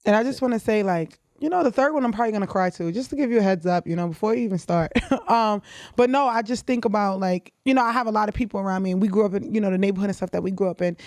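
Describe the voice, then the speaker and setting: A woman's voice: mid-range voice, a little mellow, no echo, studio quality. A woman in her twenties, a podcast guest talking in an earnest, heartfelt way. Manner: earnest, heartfelt, quick talker. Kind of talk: casual podcast chat.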